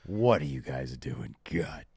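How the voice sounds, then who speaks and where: A man co-hosting a live podcast, bantering casually, loud and profane, jokingly berating the audience. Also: very deep voice, animated, slow pace, vocal fry, husky, no echo, studio quality. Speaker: podcast co-host.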